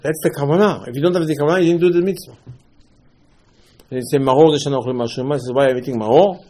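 A man's voice: a little high, racing, low-quality recording. A man teaching a class on the Passover Seder, telling stories, acting out dialogue and repeating his points. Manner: animated storytelling, acts out dialogue, repeats himself. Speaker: rabbi teaching.

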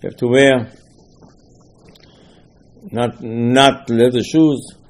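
A man's voice: mid-range voice, fairly even intonation, very slow. A man teaching a Torah lesson in a loose, emphatic way, repeating phrases and firing rhetorical questions, with slightly broken English grammar. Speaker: rabbi teaching a Torah class. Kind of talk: informal religious lesson.

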